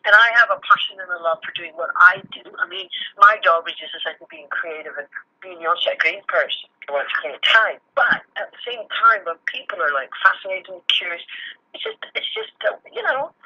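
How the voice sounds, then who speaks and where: A woman talks bluntly and with feeling, cracking jokes as she goes. Her voice is very bright and sharp. It comes through a muffled, phone-like line. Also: on the low side, animated, fairly quick, husky. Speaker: interview guest, film crew member. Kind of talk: casual interview chat. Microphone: video call.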